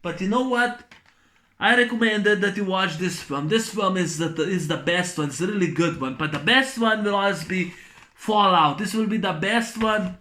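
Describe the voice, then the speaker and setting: Guy ranting bout a movie, high bright voice, keeps repeating himself and swearing. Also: normal speed. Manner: rambling, repetitive ranting with blunt swearing. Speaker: film reviewer. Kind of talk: casual spoken video review.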